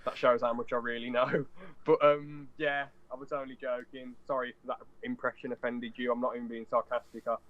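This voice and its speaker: A man's voice: medium pitch, little pitch movement, fairly quick, a bit bright, muffled recording. A young British man co-hosting a podcast, rambling in casual chat with jokes and apologetic asides. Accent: British English. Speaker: podcast co-host.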